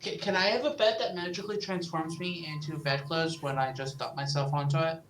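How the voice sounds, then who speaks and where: A woman's voice: low voice, fairly even intonation, a little fast, slight background noise. A woman co-host bantering and teasing her partner while they play a game. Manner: teasing, jokey back-and-forth. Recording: echoey room.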